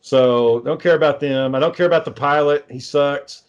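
A man's voice: on the high side, moderate pace, highs cut off. A man ranting sarcastically and swearing constantly in a casual conversation. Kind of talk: casual profane chat.

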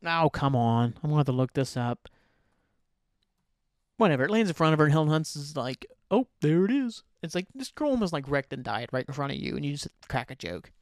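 A man's voice: on the high side, sing-song, a little fast, dry recording, clean studio sound. A man hosting a solo podcast, ranting about bad movies in a profane, sarcastic, rambling way. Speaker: podcast host. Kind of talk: casual solo movie rant.

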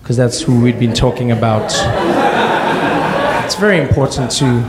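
A man from Africa telling a comic personal story with wry, deadpan asides. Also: mid-range voice, normal speed, heavy background noise.

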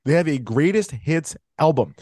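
Animated, swearing man with a lively voice. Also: on the high side, normal speed, dry recording, clean studio sound. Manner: animated, swearing, laughs often. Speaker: podcast co-host. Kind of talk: casual movie recap chat.

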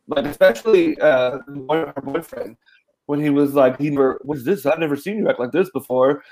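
A man co-hosting a casual movie podcast, relaxed and cheerful as he talks through the film. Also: on the high side, moderate pace, rough recording. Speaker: podcast co-host.

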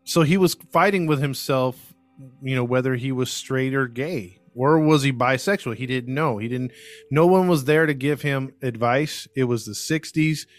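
A man's voice: medium pitch, moderate pace, faint music behind. An American man hosting a podcast, telling a true-crime story in a loose, conversational way with lots of fillers and easy laughter. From United States. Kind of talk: casual storytelling chat.

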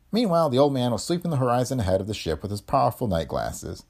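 Lively low-voiced male narrator. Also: fast talker, hardly any pauses. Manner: animated storytelling. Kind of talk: audiobook narration of a pulp story.

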